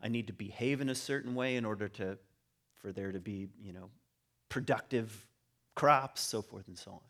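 A middle-aged man giving an informal talk on religion to a group, conversational and rising into animated emphasis. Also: on the low side, moderate pace. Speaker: speaker on religion and home.

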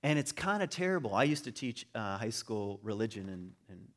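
Animated lecturing man. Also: fairly low pitch, normal speed. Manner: conversational, rising to animated emphasis. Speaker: speaker on religion and home. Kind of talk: informal lecture to a group.

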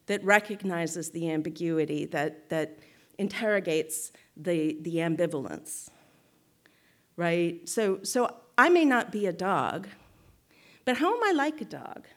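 A woman giving a reflective spoken teaching to a group, measured and thoughtful, often checking in with "right?" and restarting phrases. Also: fairly low pitch, lively intonation. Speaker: guest speaker.

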